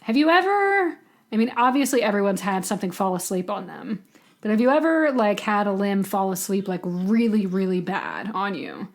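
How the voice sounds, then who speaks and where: A young woman co-hosting a laid-back podcast, talking frankly and reassuringly with some casual swearing. Her voice sits at a middle pitch for a woman. She explains things in plain, conversational terms. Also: sing-song, moderate pace, gravelly. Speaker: podcast co-host. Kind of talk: casual chat.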